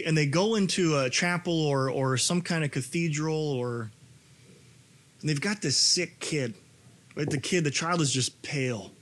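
A man in his thirties preaching a sermon, animated and rising to near-shouting when he reads scripture. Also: fairly high pitch. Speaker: pastor.

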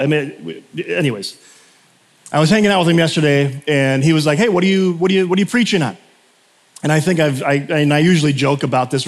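A man preaching a casual sermon, a chatty storyteller who often interrupts himself, in a church sanctuary. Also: mid-range voice. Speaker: pastor. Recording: long hall reverb.

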